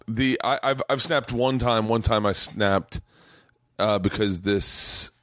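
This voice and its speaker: A man's voice: fairly low pitch, takes it slowly, fairly bright tone, no room sound, clean studio sound. A man hosting a podcast, telling stand-up club stories in casual, profane chat and acting out the quotes in a raised voice. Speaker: podcast host and comedian. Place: small home studio room.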